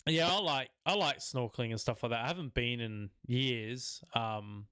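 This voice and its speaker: A man's voice: mid-range voice, normal speed, bright, forceful tone, clean tone, dry recording, studio quality. A man, co-hosting a casual podcast chat, rambling and laughing often. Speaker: podcast co-host.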